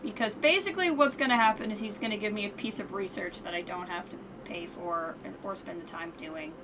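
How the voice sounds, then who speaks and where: A woman's voice: mid-range voice, fairly quick. A woman streaming a game, thinking aloud in a chatty, self-correcting way. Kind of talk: casual let's-play commentary. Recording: distant mic with background noise.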